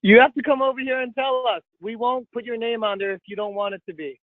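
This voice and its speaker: A man hosting a casual podcast, talking in an excitable, giggly, coaxing way. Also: very high-pitched, fast talker, no room sound. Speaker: podcast host. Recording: dry tinny phone-like audio.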